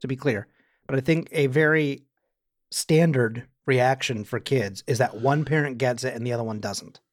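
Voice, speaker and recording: A man's voice: mid-range voice, normal speed. A young man co-hosting a podcast, chatting casually and telling rambling stories. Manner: rambling, animated storytelling with acted quotes. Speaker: podcast co-host. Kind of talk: casual chat.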